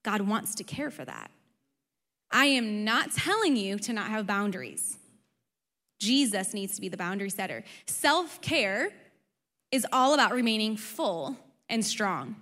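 A young adult woman pastor preaching a sermon, conversational and animated, with frequent rhetorical questions. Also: medium pitch, a little slow. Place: church auditorium. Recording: long reverb of a large hall.

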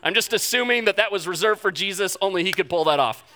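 Brief: young male pastor, bright forceful voice, lively storytelling sermon with acted-out quotes. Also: fast talker. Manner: animated storytelling, acts out quotes with big pitch jumps.

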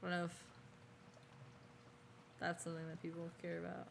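A woman's voice: on the low side, completely flat delivery, fairly quick, gravelly, a crowd in the background. A woman co-hosting a casual podcast, chatty and laughing often among friends. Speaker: podcast co-host. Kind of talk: casual group chat.

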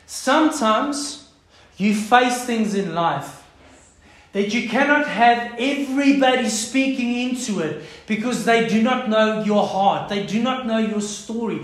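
A man with a South African accent preaching a sermon, passionate and then hushed by turns. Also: high voice, lively intonation, a little slow, roomy sound, rough recording. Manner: impassioned preaching, swinging from loud to hushed. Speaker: pastor.

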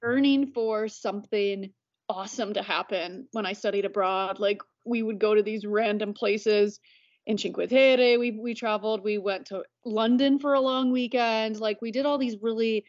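A woman's voice: mid-range voice, steady tone, moderate pace, darkish tone. Chatty woman on dull audio. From United States. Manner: chatty, many "like" fillers. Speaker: podcast guest. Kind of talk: casual conversation.

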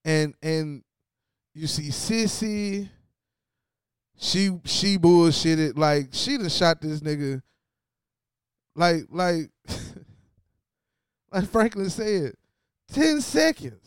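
A man talks over a TV finale at an unhurried pace, loose and full of slang as he speaks straight to his viewers. His voice sits high and sounds smooth and clear. The recording is dry and close, with no room sound. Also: no room sound. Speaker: show host. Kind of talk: casual TV recap commentary.

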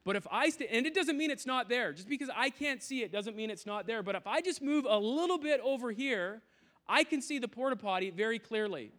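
In a large tent used as an auditorium, a youth pastor in his thirties delivers a sermon in a very high, expressive, slightly bright voice, a little fast. He speaks earnestly and conversationally, often restarting and adding asides.

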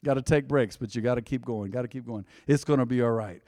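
Speaking quickly in a medium-pitched, dark-toned voice, a man preaches from a church sanctuary as pastor. His style is casual and joking, and he keeps prompting the congregation to talk back. It has studio quality with no room sound, though it gives a big-room impression.

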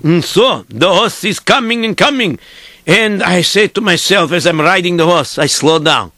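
A man's voice: high voice, lively intonation, moderate pace, pushed and bright, a little hiss or hum, exaggerated voice. A man playing Peter, a weary, good-hearted peasant horseman, telling his story dramatically in broken English. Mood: puzzled. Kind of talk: theatrical storytelling.

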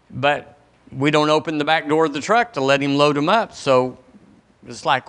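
A man's voice: on the high side, lively intonation, unhurried, long pauses, fairly bright tone. A man preaching a sermon as pastor of a church, in a folksy, conversational way, acting out questions people ask the Lord. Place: church sanctuary.

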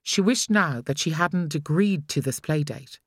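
A woman with an Irish accent reading a thriller audiobook in a measured, expressive way. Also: low voice, husky, no room sound, studio quality. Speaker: audiobook narrator. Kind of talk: scripted narration.

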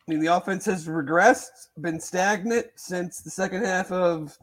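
Speaking in a high, unhurried voice, this man co-hosts a sports talk podcast. His casual sports chat is a think-aloud ramble, heavy with hedges, fillers and restarts.

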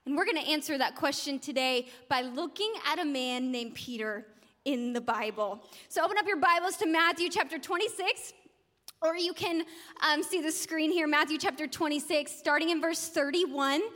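A woman's voice: high voice, normal speed, bright, forceful tone. A woman pastor giving a conversational sermon, laughing at her own jokes. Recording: long hall reverb.

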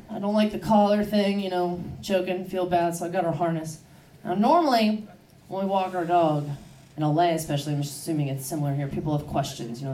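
A woman from Baltimore doing a loose, conversational stand-up set with deadpan punchlines. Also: lowish voice. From Baltimore, USA. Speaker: stand-up comedian. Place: comedy club stage. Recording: roomy club sound from a distance.

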